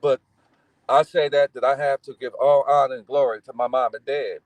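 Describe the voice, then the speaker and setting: Speaking in a mid-range voice at a moderate pace, a middle-aged guest from Gary, Indiana, United States, tells family anecdotes in a casual way. He brings them to life by animatedly acting out the people's voices. There's no echo, though the audio quality is poor.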